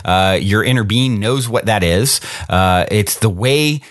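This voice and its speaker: A man's voice: fairly low pitch, unhurried, fairly bright tone, no echo, clean studio sound. Earnest man hosting a solo podcast. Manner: earnest, encouraging, rhetorical questions to listeners. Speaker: podcast host. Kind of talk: reflective solo podcast talk.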